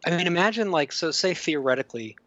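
Quick-talking man on a podcast. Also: on the high side, animated, a bit bright, no room sound. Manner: quick, rambling, thoughtful. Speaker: podcast co-host. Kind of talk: casual film discussion. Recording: dull lo-fi podcast audio with faint background noise.

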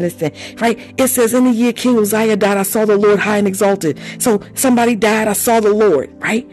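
Fervent preacher over soft music. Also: medium pitch, rough recording. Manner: preaching with laughs and call-and-response; speaking in tongues. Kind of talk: sermon.

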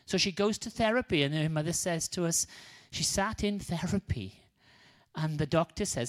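A man's voice: a little high, moderate pace. Man preaching, telling a story. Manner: animated, acts out the quoted people. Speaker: guest preacher. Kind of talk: sermon with storytelling.

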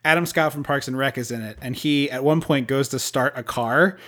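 A podcast co-host in casual movie-recap chat, telling stories in a quick, animated way with plenty of asides. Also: medium pitch.

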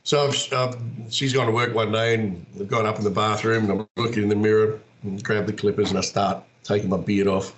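Low-voiced Australian man telling stories. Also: fairly quick, few pauses, a little hiss or hum. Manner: animated, acts out quoted voices. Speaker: guest, wrestler and actor. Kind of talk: casual storytelling.

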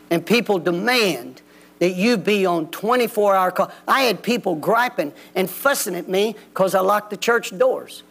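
A man's voice: sits high, a bit bright. A man preaching a folksy, plain-spoken sermon in a church. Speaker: pastor. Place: church sanctuary.

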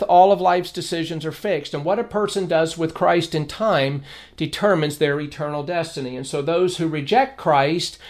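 A man giving a theology lesson, emphatic, often repeating key phrases and citing scripture references. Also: a little high. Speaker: Bible teacher. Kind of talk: theology lecture.

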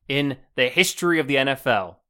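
A man's voice: medium pitch, animated, unhurried, vocal fry, bright, forceful tone. A man co-hosting a casual sports podcast, wry and joking as he talks. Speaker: podcast co-host.

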